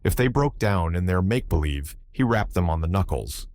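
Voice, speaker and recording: A man narrating a classic children's story in a measured storytelling manner. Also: deep voice, expressive, darkish tone. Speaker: audiobook narrator. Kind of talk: scripted narration.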